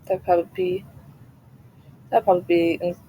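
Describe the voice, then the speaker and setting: A chatty woman vlogger talking casually to her viewers with a mellow, soft-edged voice. She rambles, trails off and restarts mid-thought. A faint hiss sits under the recording. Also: fairly low pitch, little pitch movement, moderate pace, poor audio. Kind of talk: casual chat to camera.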